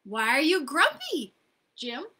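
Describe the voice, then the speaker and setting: A woman's voice: sits high, huge pitch swings, takes it slowly, bright, forceful tone, full character voice. A woman voicing a curious lemur in a storybook reading.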